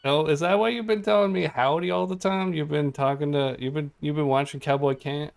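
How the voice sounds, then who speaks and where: A man's voice: a little high, fairly even intonation, fairly quick, creaky. A young man giving chatty, giggly commentary while streaming a game and reading choices aloud. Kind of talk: casual gaming commentary.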